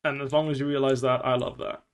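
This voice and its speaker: A man's voice: mid-range voice, flat delivery, fast, clear, resonant tone. A man coaching a player through a game review in casual talk, blunt and swearing a lot, acting out little scenes.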